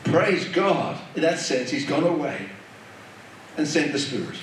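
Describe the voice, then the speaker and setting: Delivered slowly and with great animation, this sermon has an emphatic, repetitive preaching rhythm from a man whose voice sits a little high and swoops up and down. The distant recording was made in a very echoey hall, with slight background noise.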